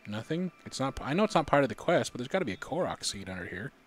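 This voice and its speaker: A man casually commenting on his gameplay, muttering to himself as he puzzles things out, with sudden excited outbursts. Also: medium pitch, rapid-fire, a little hiss or hum. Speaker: gaming streamer. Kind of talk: casual let's-play commentary.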